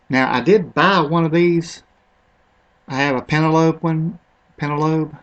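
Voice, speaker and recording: A man's voice: a little high, fairly even intonation, measured pace, pauses often, lo-fi sound. Offhand rambling man vlogger. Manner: offhand, rambling, unsure of pronunciations. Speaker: vlogger comparing products. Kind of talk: casual screen-recorded commentary.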